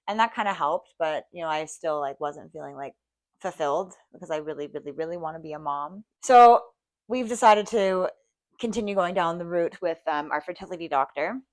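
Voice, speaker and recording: Woman, young adult, podcast co-host, candid emotional storytelling, slightly low pitch, dry sound. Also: fairly quick, dry recording. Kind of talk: casual chat.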